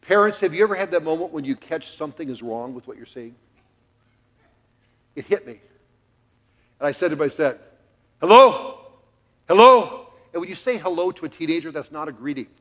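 A man's voice: fairly high pitch, quick pace, pauses often. A middle-aged man preaching a sermon in a church, telling a family story with jokes and acting out the quotes. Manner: animated, jokey, acts out quotes. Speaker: pastor.

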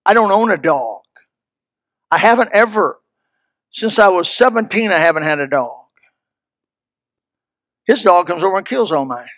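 A man's voice: sits high, expressive, normal speed, long pauses, fairly bright tone, dry recording, studio quality. A man pastor preaching a sermon in an emphatic, folksy, storytelling manner.

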